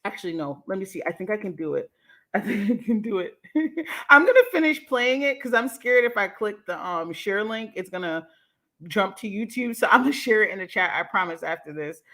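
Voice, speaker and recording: A woman's voice: mid-range voice, expressive, brisk, a bit bright. A woman hosting a livestream, reacting to a clip in a casual, slangy way and laughing often. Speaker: livestream host.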